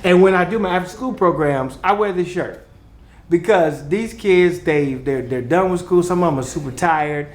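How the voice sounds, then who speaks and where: Animated man chatting in an echoey room. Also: fairly high pitch, moderate pace. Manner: animated, laughs often, breaks into playful put-on voices. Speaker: podcast co-host, communications consultant. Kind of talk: casual podcast chat.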